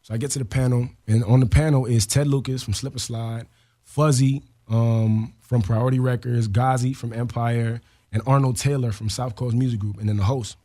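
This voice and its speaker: A rapper telling a story in an interview, animated and full of slang. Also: male voice, mid-range voice, normal speed. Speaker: rapper guest.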